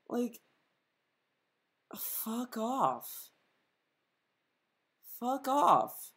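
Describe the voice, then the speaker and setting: A man's voice: high voice, animated, moderate pace, slight background noise. A man delivers an angry reaction commentary, swearing constantly. His tone stays sarcastic and mocking as he rants at the person on screen.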